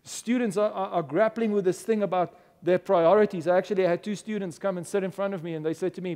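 High-voiced pastor preaching in a reverberant hall. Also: male voice, fairly even intonation, fast talker, few pauses, a little mellow. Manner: earnest preaching with repeated restarts. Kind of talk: sermon. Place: church.

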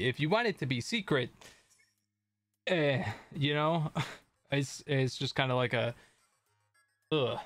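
A man's voice: mid-range voice, animated, takes it slowly, long pauses, fairly bright tone, no room sound, soft background music. Rambling, swearing male game streamer. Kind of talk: casual gameplay commentary.

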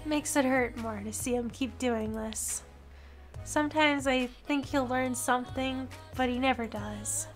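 A woman's voice: high-pitched, fairly even intonation, unhurried, soft background music. Woman voicing a weary guilt-ridden vampire woman. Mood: subdued.

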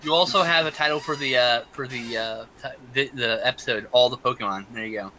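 A man's voice: mid-range voice, pushed and bright, slight background noise, poor audio. A man co-hosting a casual online chat show, ranting and swearing freely between jokes. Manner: profane, ranting, quick to joke. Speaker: podcast co-host.

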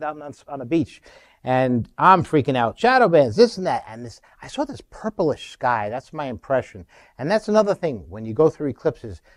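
A middle-aged man giving a lively storytelling talk in a university auditorium, acting out quotes with sudden loud bursts. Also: mid-range voice. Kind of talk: animated storytelling.

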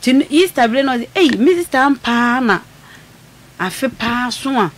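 Soft-spoken woman caller, higher voice. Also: animated, normal speed. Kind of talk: telling a personal story on radio.

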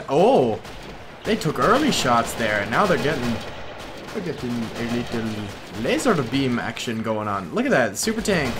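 A man giving casual gameplay commentary, chatty and excitable, laughing often. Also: mid-range voice, measured pace, background noise. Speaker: gaming YouTuber.

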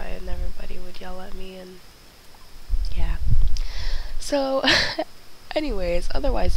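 A woman's voice: fairly low pitch, creaky, slight background noise, rough recording. A young woman in casual let's-play commentary, chatty and rambling, often apologizing and exasperated, talking from her bedroom into a headset mic. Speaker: gaming channel host. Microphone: wireless headset.

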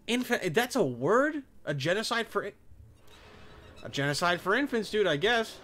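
A man doing let's play commentary, excitable and profane, talking to himself as he plays. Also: high voice, normal speed, slight background noise. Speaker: gaming commentator.

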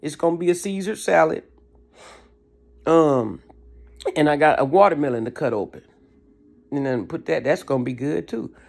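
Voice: mid-range voice, normal speed, creaky, pauses often, darkish tone. A motivational speaker who talks in an emphatic, preachy way with casual slang. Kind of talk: motivational talk.

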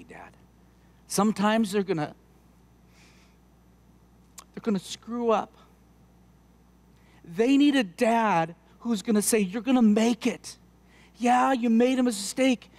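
A middle-aged pastor delivers a Sunday sermon in a bright, high-pitched voice. He speaks earnestly, exhorting his listeners and slowing down whenever he wants a point to land. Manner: earnest, exhorting, slows down for emphasis.

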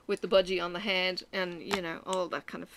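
A woman's voice: on the low side, little pitch movement, a little fast, noisy background. A woman from Ireland with an Irish accent, chatting casually and telling rambling stories while she stitches for her crafting vlog. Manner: rambling, chatty storytelling with frequent fillers. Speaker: crafting vlogger.

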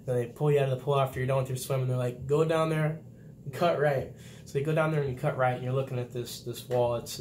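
A young man recounts boot camp in loose, casual chat. He acts out quotes and laughs along as he goes. The recording carries a faint background hiss. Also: medium pitch. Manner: animated storytelling, laughs often, acts out quotes loudly. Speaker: vlog host, Navy sailor.

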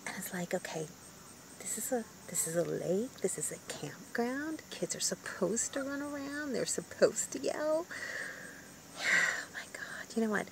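A woman van life vlogger outdoors at a lakeside campground, giving casual, wry commentary in a hushed, often half-whispered voice. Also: fairly high pitch, expressive, normal speed, vocal fry. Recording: outdoor noise with geese honking.

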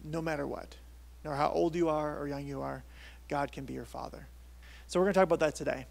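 A man in his thirties preaches to his congregation in a light, somewhat high tenor with a gravelly edge. His delivery is casual and conversational, full of restarts as he works through his points. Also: fast. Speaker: pastor. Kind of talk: sermon. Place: church service.

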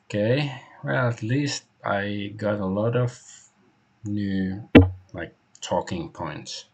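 A man's voice: on the low side, slow, a little mellow, slightly rough. A man streaming an old adventure game, musing aloud in hesitant, rambling casual commentary.

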